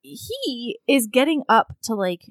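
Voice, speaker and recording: A woman co-hosting a podcast in casual chat, recapping a book with a co-host, acting out characters' lines in a lower voice and laughing often. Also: very animated, slow pace, dry recording. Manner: drops into a low husky voice to act out characters' lines, laughs often, swears.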